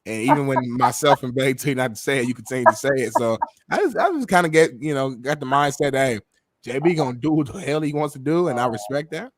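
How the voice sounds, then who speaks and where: A man's voice: mid-range voice, animated, quick pace, dry recording. A man co-hosting a sports podcast, earnest in casual chat, often restarting his sentences. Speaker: co-host.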